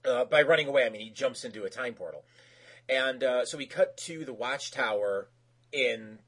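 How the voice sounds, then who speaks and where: A man talks through an episode recap in loose, casual chat, stopping often with fillers and restarting his sentences. His voice is husky, and his pitch is middling. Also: normal speed, fairly bright tone. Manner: rambling, lots of fillers and restarts; acts out quoted characters in raised voices.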